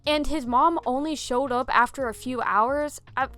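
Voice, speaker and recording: A woman with a fairly high voice reading a horror story aloud and stopping often for animated, sarcastic asides. Faint music plays softly behind her. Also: moderate pace. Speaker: storytelling reviewer.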